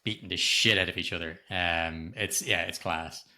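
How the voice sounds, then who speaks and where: A middle-aged podcast co-host with a very deep voice and a bright, forceful edge. He chats about a film in a laid-back, casual way. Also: steady tone, moderate pace.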